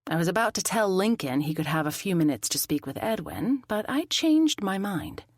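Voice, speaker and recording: A woman narrating a first-person mystery audiobook in an expressive, lively storytelling manner. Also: lowish voice, moderate pace, dry recording, clean studio sound.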